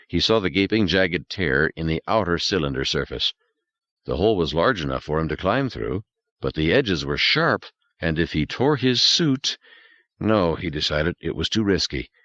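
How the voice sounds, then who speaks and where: A male narrator with a deep, low voice reads a thriller with a dramatic, suspenseful delivery and wide swings in pitch. The recording is dry and close, with a slightly dull, muffled top end. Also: a bit bright, dry recording. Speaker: audiobook narrator. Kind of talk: scripted narration.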